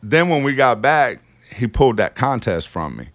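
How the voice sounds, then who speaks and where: A man's voice: mid-range voice, normal speed, dry recording. Profane New man telling stories. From New Orleans. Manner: profane, rambling, animated storyteller. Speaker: guest. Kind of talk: casual storytelling.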